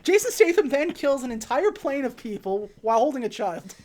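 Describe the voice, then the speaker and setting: A woman's voice: high voice, a little fast. A woman co-hosting a podcast, casually recapping a film and acting out its scenes in funny voices. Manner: animated, acts out movie scenes in funny voices. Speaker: podcast co-host. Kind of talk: casual movie recap chat.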